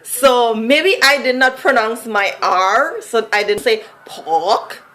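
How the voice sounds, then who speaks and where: Vincy accent woman vlogging, kinda high voice, sing-songy and chatty, laughs a lot. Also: animated, measured pace, sharp tone, low-quality recording. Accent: Vincentian. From Saint Vincent. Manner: chatty, laughs often, musical sing-song delivery. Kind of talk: casual monologue.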